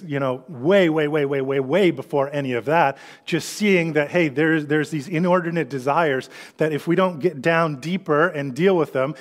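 A middle-aged man giving a conversational sermon as pastor, with frequent fillers and repeated words. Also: fairly high pitch.

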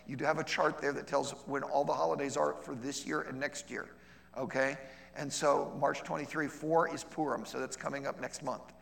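A man's voice: on the high side, level tone, normal speed, gravelly, fairly bright tone. A man teaching a class in a chatty, humorous way, acting out little dialogues with people. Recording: echoey hall.

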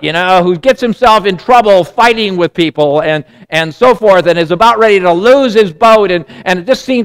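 A man giving a sermon in a loose, conversational way, often restarting phrases and dropping to a hushed tone. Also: high voice. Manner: conversational and digressive, many repeated starts. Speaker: preacher.

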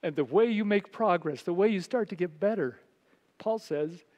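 A man preaching a sermon as pastor, telling a story and dropping to a soft, quiet voice for quoted words. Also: high-pitched, normal speed, lo-fi sound. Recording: long reverb of a large hall.

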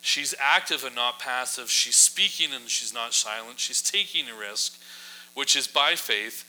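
A man preaching a sermon in a casual, humorous storytelling style, often adding quick asides to his listeners. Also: mid-range voice, bright, forceful tone, poor audio. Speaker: pastor.

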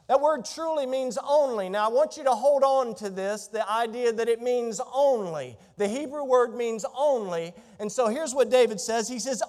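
A man preaching a sermon in a church, building from quiet scripture reading to emphatic declarations. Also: very high-pitched, moderate pace, few pauses, in a large hall. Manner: rising to emphatic, near-shouted declarations. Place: church sanctuary.

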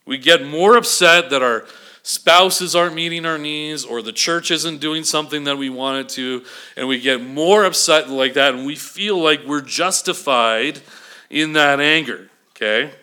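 This pastor's voice is a little high, clear and resonant, with a sharp tone and a slightly slow delivery. He preaches conversationally, regularly pausing to ask the congregation "okay?"

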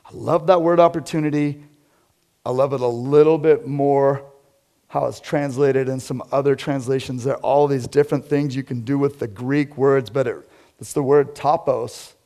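A man preaching a conversational sermon to a small group, shifting from loud emphatic lines to quiet low asides. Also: steady tone, unhurried. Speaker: pastor. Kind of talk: interactive sermon.

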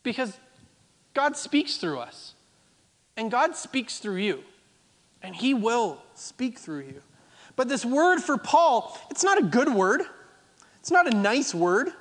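A man's voice: very high-pitched, big pitch swings, slow pace, pauses often, fairly bright tone, in a large hall. A man preaching a sermon as pastor, driving points home by repeating phrases. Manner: emphatic, repeating phrases for effect.

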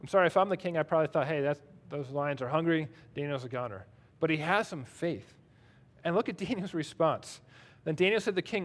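Fast and fairly high in pitch, a man delivers a sermon as a pastor. He reads passages of scripture aloud, interspersing his own conversational, self-deprecating remarks.

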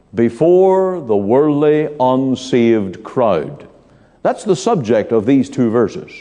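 A man preaching an evening sermon in a church, slow and emphatic with dramatic pauses. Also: medium pitch, big pitch swings, warm tone. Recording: long church hall reverb.

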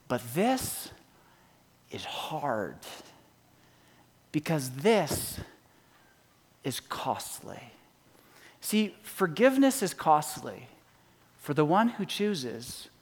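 A pastor giving a sermon, retelling a parable and swinging from loud emphasis to hushed, low endings. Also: male voice. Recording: reverberant hall.

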